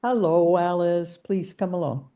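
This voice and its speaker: A woman's voice: on the low side, unhurried, warm tone, lo-fi sound, slight background noise. A woman hosting an interview, eagerly inviting the audience to ask questions. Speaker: host.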